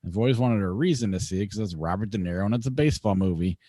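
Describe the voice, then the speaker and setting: Low-voiced man on a podcast. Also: very fast, warm tone, no echo. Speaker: podcast co-host, movie critic. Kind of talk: casual podcast chat.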